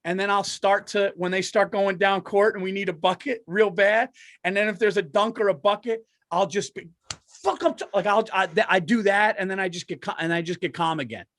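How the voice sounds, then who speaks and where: Dry-sounding high-voiced man rambling. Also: fairly even intonation, brisk, a bit bright, no echo. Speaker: podcast co-host. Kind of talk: casual comedy chat.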